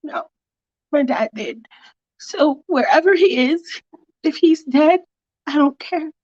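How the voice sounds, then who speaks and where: A woman's voice: sits high, lively intonation, takes it slowly, a little mellow, muffled recording. A woman voicing an angry, cold-hearted teenage girl who cusses and cuts her friend down. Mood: furious. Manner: cutting, cussing, furious.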